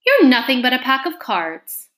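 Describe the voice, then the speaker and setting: Storybook girl: a woman playing a frank, outspoken child with a high, bright, lively voice. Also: normal speed, heavily acted. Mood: defiant. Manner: indignant and outspoken. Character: bold, frank young girl.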